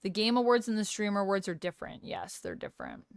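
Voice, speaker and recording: A woman's voice: medium pitch, huge pitch swings, fast talker, vocal fry, no room sound, clean studio sound. A woman streamer chatting casually on a livestream, reading out chat messages, answering them and trying out phrases with a light laugh. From Canada. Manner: reads out chat and chats back, tries out phrases with a light laugh.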